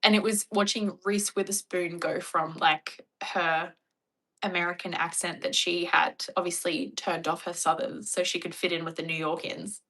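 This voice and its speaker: A woman's voice: on the low side, flat delivery, normal speed, pushed and bright. A woman, chatting playfully with her stream viewers and laughing often. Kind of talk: casual chat.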